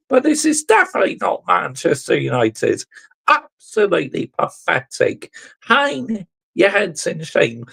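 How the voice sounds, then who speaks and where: A man's voice: sits high, wildly swooping pitch, measured pace, vocal fry, a bit bright, slightly rough. A man ranting as a football fan vlogger, exasperated and sarcastic, swearing and repeatedly addressing his viewers.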